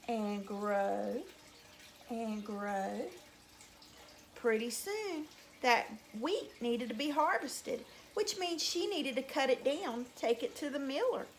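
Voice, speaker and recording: A woman telling a folk tale to young children at story time, in a slow, sing-song, animated way. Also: sits high, a little hiss or hum. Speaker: teacher reading to children.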